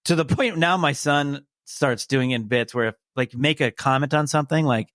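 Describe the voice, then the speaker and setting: A man's voice: mid-range voice, moderate pace, a bit bright, dry recording, studio quality. A man guesting on a podcast, a comedian telling funny stories in casual chat. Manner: storytelling, acts out voices in anecdotes.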